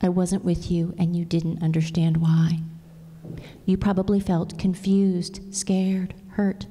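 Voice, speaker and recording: A big storybook rabbit comforts its little one in a soft, near-whispered, apologetic voice, as a woman reads it out. The tone is low, mellow and a little gravelly. It carries a long hall reverb. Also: level tone, takes it slowly, slight background noise. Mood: tender, soft. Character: big parent rabbit, tender, apologetic, steady.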